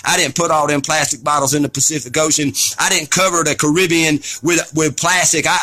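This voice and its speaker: A man's voice: on the high side, pushed and bright. A man delivering an impassioned, preachy rant to camera, fiery, scolding, blunt and profane. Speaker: vlogger.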